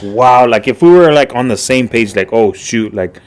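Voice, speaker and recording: A man's voice: mid-range voice, lively intonation, moderate pace, clear, resonant tone. A man co-hosting a podcast who chats casually, rambling and hesitant, often agreeing with his co-host. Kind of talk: casual chat.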